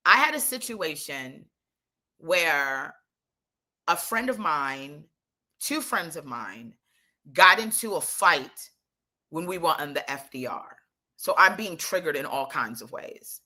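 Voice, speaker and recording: A woman telling a story in casual chat, animated and profane, rambling through asides. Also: deep voice, takes it slowly, long pauses.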